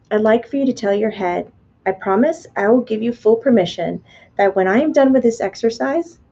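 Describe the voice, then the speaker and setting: A woman leads a live online spirituality class, chatty and animated. She slips into little voices to act things out. Her tone is mellow and the sound comes through dull and lo-fi. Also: mid-range voice, slightly rough. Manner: animated, chatty, playfully acts out the mind's voice. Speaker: spiritual teacher and medium. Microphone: webcam or computer mic on a video stream.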